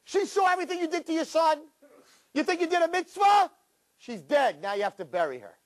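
A man doing a shrill, gloating Satan. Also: big pitch swings, a little fast. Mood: accusing. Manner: high, shouted accusations. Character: taunting accusing male Satan, spiteful and gloating.

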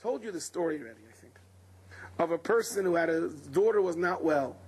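Male rabbi, Torah class; high husky voice, dramatic storyteller who performs his quotes. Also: lively intonation, brisk, a little mellow.

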